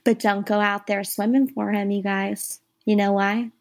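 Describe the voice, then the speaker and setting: A woman's voice: mid-range voice, level tone, moderate pace. Chatty woman telling ghost stories. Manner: chatty, addresses listeners as "you guys". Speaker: podcast co-host. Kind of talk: casual ghost-story chat.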